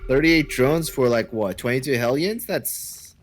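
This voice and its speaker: A man's voice: mid-range voice, lively intonation, measured pace, slight background noise, poor audio. Playful man commentating a live match. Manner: joking, playful banter. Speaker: esports caster.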